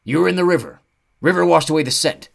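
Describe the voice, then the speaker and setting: A man's voice: a little high, fast talker, creaky, pitched above the performer's own voice. A man voicing a frantic, impatient centaur. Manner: urgent, blunt, fixated on a scent. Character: frantic, single-minded male centaur tracker.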